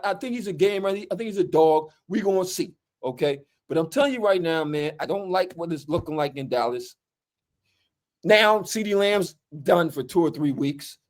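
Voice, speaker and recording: A man in a casual sports rant, animated and exasperated, tagging his points with "okay". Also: high-pitched. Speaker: football fan commentator.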